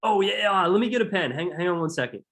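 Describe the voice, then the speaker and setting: A man voicing an elderly female customer on the phone who speaks in a high, fluttery, eager-to-please way. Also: lively intonation, quick pace, a bit bright. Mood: flustered.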